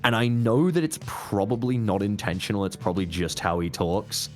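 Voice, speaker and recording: A man's voice: fairly low pitch, normal speed, darkish tone, soft background music. A man chatting casually as an interview guest, rambling with restarts, asides and swearing. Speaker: interview guest, YouTuber and voice actor. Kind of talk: casual chat.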